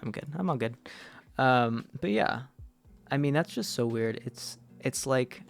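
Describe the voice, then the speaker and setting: A man's voice: mid-range voice, animated, a little slow, gravelly. A man streaming a game, chatting casually in a rambling way, restarting and correcting himself as he answers chat. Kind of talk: casual gaming livestream chat.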